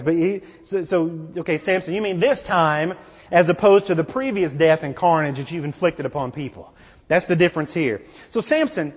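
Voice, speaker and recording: Lively high-voiced male preacher. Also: big-room sound, lo-fi sound. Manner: animated storytelling, slangy paraphrase of scripture. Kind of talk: sermon.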